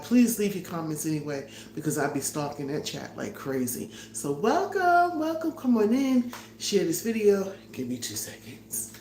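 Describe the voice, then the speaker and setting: A woman's voice: low-pitched, slight background noise. Chatty woman live-streaming from an echoey kitchen. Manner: chatty and excitable, laughs often. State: out of breath. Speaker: vlogger hosting a live cooking stream. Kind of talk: casual live-stream chat. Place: her home kitchen. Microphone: phone or camera on a tripod.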